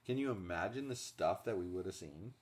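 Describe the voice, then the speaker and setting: A man co-hosting a podcast in casual chat, telling animated stories about his pets. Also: low-pitched, brisk. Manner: animated storyteller, acts out pets' thoughts in silly voices. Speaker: podcast co-host.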